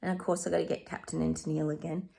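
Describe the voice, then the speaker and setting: A woman's voice: low voice, flat delivery, racing, gravelly, warm tone. A middle-aged woman, a psychic giving chatty readings straight to camera and calling her viewers guys. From Australia. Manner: chatty, addresses viewers as guys, sings snatches of songs. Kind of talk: casual direct-to-camera reading.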